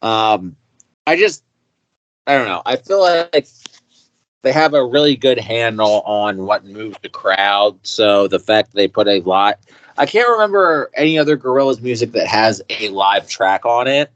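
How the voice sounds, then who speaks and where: A low-voiced American man co-hosting a music podcast, laid-back and wry, and swearing casually. His mic sounds dry and dull, with no room echo and a muffled, lo-fi tone. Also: measured pace, a bit bright. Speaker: podcast co-host. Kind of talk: casual music review chat.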